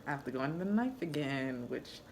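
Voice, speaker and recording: A young woman, a new mother, chatting casually in a vlog with a deep, low voice, laughing often as she talks. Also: animated, fast talker, slight background noise. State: recovering after childbirth.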